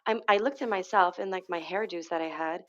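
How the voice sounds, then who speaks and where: A hypnotherapist and energy healer, guesting on a podcast, talks briskly in a lowish voice during a casual conversational interview. She rambles, often restarting and correcting herself, and the audio sounds dull.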